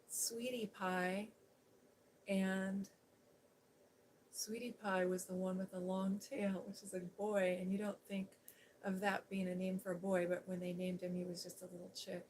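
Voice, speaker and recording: A middle-aged woman, an ASMR host, telling a personal story in a soft, chatty way. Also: mid-range voice, level tone, a little slow, a little hiss or hum, low-quality recording. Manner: soft-spoken, chatty with fillers. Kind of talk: softly spoken personal storytelling.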